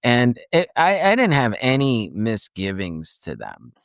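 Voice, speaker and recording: A man's voice: medium pitch, unhurried, dry recording, studio quality. A man in his fifties, a coach and former nurse, telling a personal story in a podcast interview in a loose, chatty way with frequent restarts. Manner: animated storyteller, loose and chatty, restarts often and acts out other people's words.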